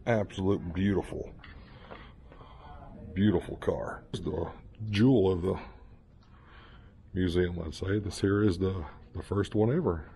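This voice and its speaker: A man's voice: low-pitched, unhurried, creaky, pauses often, mellow. A man in his fifties giving a playful, joking walkthrough of a museum as a vlogger, talking casually as he goes. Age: 50s. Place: indoor museum hall.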